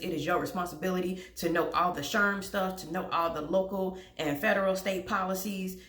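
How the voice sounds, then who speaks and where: A woman's voice: fairly low pitch, fairly bright tone, echoey room. A young woman telling a story to camera in a blunt, exasperated way, swearing freely. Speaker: vlogger.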